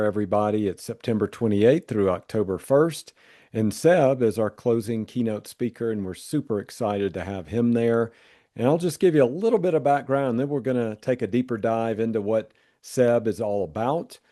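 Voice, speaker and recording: A man's voice: mid-range voice, dark tone. A man with a Southern American accent hosting a podcast interview, speaking with enthusiasm. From Southern United States. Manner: enthusiastic, upbeat. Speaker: podcast host.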